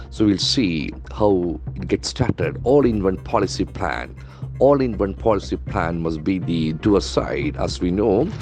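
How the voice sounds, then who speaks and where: Man, teacher, low voice, faint music underneath, spells words letter by letter. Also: a little mellow. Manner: methodical, spells words out letter by letter, keeps calling words beautiful. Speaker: English language trainer. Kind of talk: lesson.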